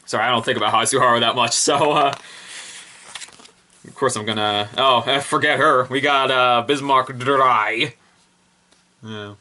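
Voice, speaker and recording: A young man talks through a review with no script, excitable and rambling, trailing into fillers and correcting himself mid-sentence. His voice is bright and forceful, sitting at an ordinary pitch for a man. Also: unhurried, pauses often. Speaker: product reviewer. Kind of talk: casual unscripted review.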